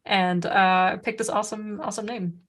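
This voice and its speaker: A woman's voice: medium pitch, fairly even intonation, normal speed, fairly bright tone. A woman co-hosting a podcast in casual chat, rambling with many fillers. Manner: rambling, filler-heavy, laughs often. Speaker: podcast co-host.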